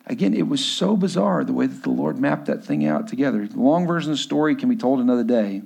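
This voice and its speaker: A man preaching a sermon as pastor of his church, emphatic, moving between hushed lines and raised ones. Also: mid-range voice, quick pace, gravelly, slightly rough.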